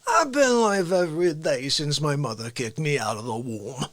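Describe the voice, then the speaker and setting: A man voicing a vile, brash male comic character who yells in drawn-out indignant outbursts. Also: a little high, lively intonation, no echo. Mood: outraged.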